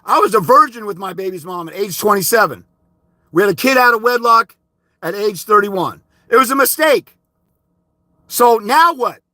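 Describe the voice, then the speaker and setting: A man's voice: sits high, lively intonation, normal speed, pushed and bright, no room sound, clean studio sound. A man ranting on a livestream, heated and profane, scolding his critics. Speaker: fathers' rights advocate streaming live. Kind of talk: angry livestream rant.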